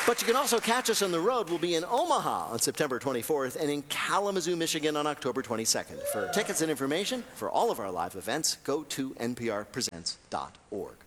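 A man's voice: medium pitch, sing-song, fast talker, big-room sound, a crowd in the background, noisy background. A man hosting a radio comedy quiz, joking as he reads news setups and punchlines. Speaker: quiz show host.

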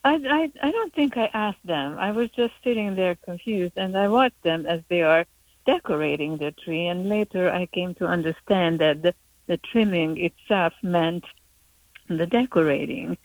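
A woman's voice: lowish voice, moderate pace, no room sound, low-quality recording. Woman calling in. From Hungary. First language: Hungarian. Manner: hesitant, with many fillers. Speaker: caller. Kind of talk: call-in storytelling. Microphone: telephone call.

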